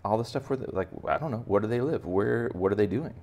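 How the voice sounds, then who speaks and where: Male art teacher for kids, low and gravelly, playful chatty delivery. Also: animated, fast talker, darkish tone. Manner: playful, chatty, talks to children directly. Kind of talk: step-by-step drawing lesson for kids.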